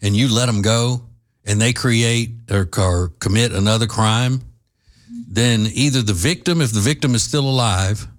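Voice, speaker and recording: A man hosting an opinion commentary monologue, forceful in his views yet halting, with many fillers and some dry sarcasm. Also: medium pitch. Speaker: host.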